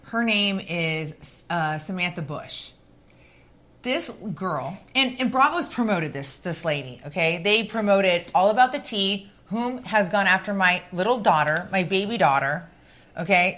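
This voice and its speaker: A woman's voice: mid-range voice, expressive, unhurried, a bit bright. A woman co-hosting a podcast, talking in a chatty, emphatic, gossipy way. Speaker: co-host. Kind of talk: casual podcast chat.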